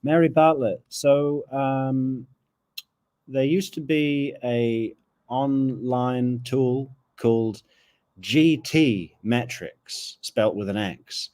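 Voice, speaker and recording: Slow-talking chatty European man. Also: mid-range voice, darkish tone. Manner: chatty, reads out viewer comments; halting, with fillers and repeats. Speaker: true crime streamer. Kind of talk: casual live-stream commentary.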